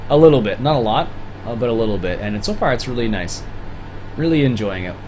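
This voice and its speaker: Young Canadian male streamer, loose rambling chat, lively pitch, middle register. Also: quick pace, a little hiss or hum. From Ontario, Canada. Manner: rambling, chatty, many fillers and restarts. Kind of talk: casual livestream commentary.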